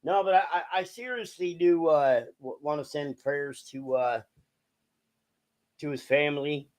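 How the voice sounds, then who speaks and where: A man's voice: fairly high pitch, unhurried. A young adult man talking casually to viewers, swearing a lot, joking and rambling with many fillers. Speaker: vlogger.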